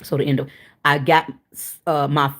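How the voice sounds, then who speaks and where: Low-voiced woman chatting casually with viewers. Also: flat delivery, moderate pace. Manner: chatty, frank, addresses viewers as y'all. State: tired and winded. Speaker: cooking channel livestream host.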